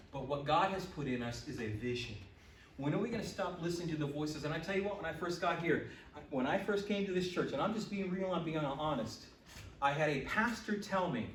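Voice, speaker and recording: A man preaches a sermon in an animated, conversational way, often rising to loud exclamations. His voice sits a little high for a man. He is picked up from a distance, with plenty of church echo and a faint hiss underneath. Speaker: pastor. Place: church sanctuary. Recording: echoey church, mic from a distance.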